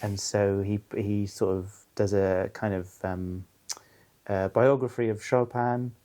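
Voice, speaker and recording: Low-voiced comedian in casual chat. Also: male voice, level tone, slow pace, dark tone. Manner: loose, filler-heavy, agreeable. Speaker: stand-up comedian guest.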